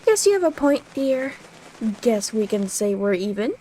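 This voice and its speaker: A woman's voice: a little high, big pitch swings, mellow, slight background noise, poor audio. A woman voicing a sly teasing stranger. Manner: drawn-out, teasing delivery, calls others dear.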